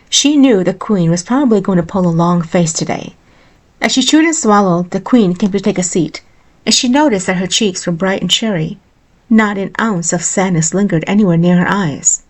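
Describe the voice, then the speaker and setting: A woman narrating a romance story in a calm, even storytelling manner. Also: fairly low pitch. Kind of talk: audiobook-style romance narration.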